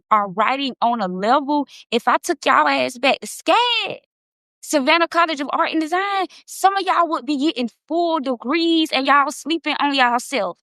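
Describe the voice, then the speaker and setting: A woman's voice: high-pitched, pushed and bright, no room sound. A woman of about thirty hosting a casual livestream, talking in an emphatic, impassioned way and swearing freely. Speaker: livestream host.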